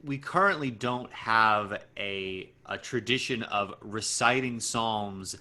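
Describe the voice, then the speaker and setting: A man's voice: fairly low pitch, slow pace, pushed and bright. A man on a video call adding to a text study, starting hesitantly and then explaining with care. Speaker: study group member adding expertise.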